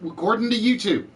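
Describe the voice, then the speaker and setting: A high-voiced man with a Southern US accent runs a live-streamed trivia game show, talking with viewers and responding to their comments as he goes. The audio is poor.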